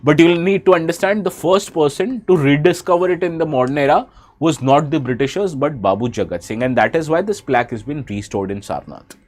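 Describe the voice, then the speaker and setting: A man with an Indian English accent runs a live online exam-prep class, quizzing viewers and reading their names out of the chat. His voice sits a little high and moves a little fast, and he keeps correcting himself mid-sentence.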